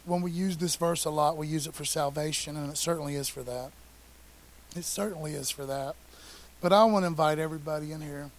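High-voiced man preaching a casual sermon. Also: low-quality recording. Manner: conversational preaching, swinging between loud and hushed; casual slang and asides. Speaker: pastor. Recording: faint hiss.

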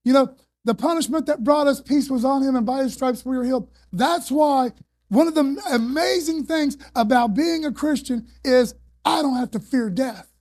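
A woman preacher talks through scripture in an emphatic, slangy way. Her voice is fairly high but mellow, and it sounds close and dry. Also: normal speed, dry recording. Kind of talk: sermon.

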